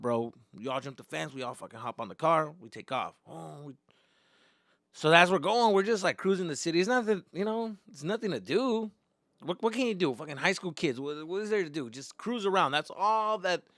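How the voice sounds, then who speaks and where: A young man doing stand-up, telling a story in animated, profane bursts with Spanish slang mixed in. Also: fairly high pitch, a little fast, no echo, clean studio sound. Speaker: stand-up comedian. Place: comedy stage.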